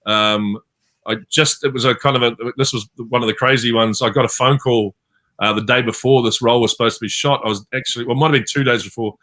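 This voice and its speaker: A man's voice: medium pitch, fairly even intonation, fast talker, bright, forceful tone. A man with a New Zealand accent, a voice actor telling rambling stories with many fillers in a panel interview over a video call. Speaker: voice actor guest.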